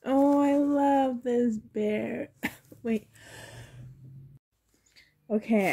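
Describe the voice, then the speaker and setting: A woman vlogger with a sore throat and cough chats through a doll unboxing, gushing with excitement and trying to spare her voice. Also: fairly high pitch, gravelly, a little hiss or hum. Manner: excited and gushing, often laughing; holds back her voice, sometimes drops to a whisper. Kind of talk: casual unboxing chat.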